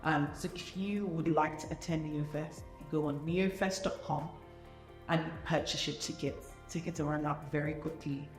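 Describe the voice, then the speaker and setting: A woman's voice: low-pitched, steady tone, moderate pace, reverberant, soft background music. A woman hosting an interview, affirming her guest with frequent "mm-hmm"s and speaking with fillers and restarts. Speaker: interviewer and event host. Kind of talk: warm conversational interview.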